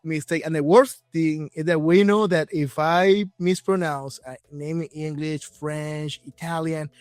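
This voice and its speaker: A man hosting an interview podcast, a Spanish native speaker talking in English, excited and chatty. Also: on the high side, a little slow, no room sound, soft background music. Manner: excited, chatty, rephrases often. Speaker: podcast host. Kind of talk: casual interview chat.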